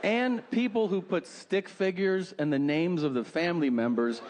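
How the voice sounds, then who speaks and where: A man's voice: high-pitched, normal speed, darkish tone. A middle-aged man doing a stand-up comedy set, telling profane, exaggerated stories and acting out quotes, recorded live on stage with a handheld mic. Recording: live club recording with crowd noise.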